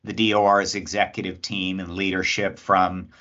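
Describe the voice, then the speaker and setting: A man, speaking as a state lobbyist at an agency hearing, polite and measured with many pauses. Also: low-pitched, little pitch movement, bright, forceful tone, highs cut off. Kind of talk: public comment at agency hearing.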